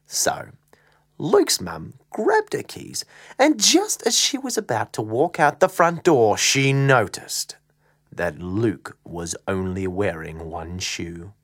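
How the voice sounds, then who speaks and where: A woman narrating a children's story, with dramatic pauses and dips into a whisper. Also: rumbling low, wildly swooping pitch, breathy edge, no room sound, studio quality. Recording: soft guitar music behind.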